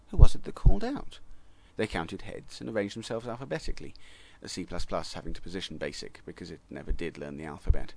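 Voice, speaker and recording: A man narrating a comic story with wry, deadpan asides. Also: low voice, fast talker, vocal fry, few pauses, low-quality recording.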